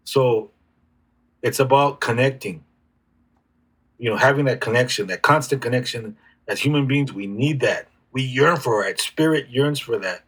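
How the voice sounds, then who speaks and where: A man speaking as an interview guest, reflective and halting, with frequent restarts. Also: medium pitch, fairly bright tone, breathy edge. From United States. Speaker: guest healer. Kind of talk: casual conversational interview.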